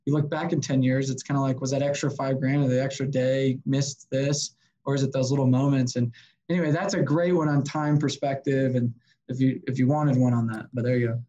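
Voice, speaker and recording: A podcast guest who works as a sales consultant tells stories casually in an interview, animated and swearing some, acting out the voices of people he quotes. His mid-range voice is brisk, and the recording sounds muffled.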